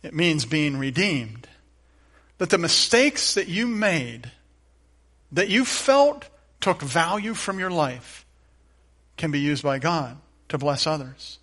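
A middle-aged male pastor delivering a sermon in a slightly high voice. He is earnest, pushing some lines out loudly and dropping others to a near hush. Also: sing-song, takes it slowly. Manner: earnest, swings from loud emphatic lines to soft, hushed ones.

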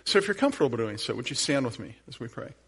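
A man pastor preaching at a middling pitch. He tells stories in a loose, conversational way and leads prayer in a soft voice. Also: sing-song, racing, slightly rough. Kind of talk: sermon.

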